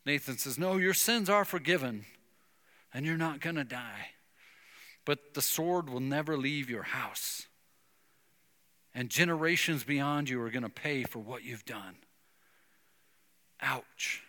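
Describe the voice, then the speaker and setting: A man preaching a sermon, retelling a Bible story with lively acted-out dialogue. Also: mid-range voice, unhurried, pauses often, in a large hall. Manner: animated storytelling, acting out biblical dialogue. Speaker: pastor.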